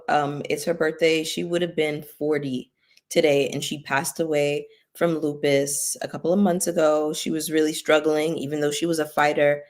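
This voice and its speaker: A woman hosting a casual livestream, chatting with viewers and thanking them by name, with features. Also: low voice. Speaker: YouTube commentary host.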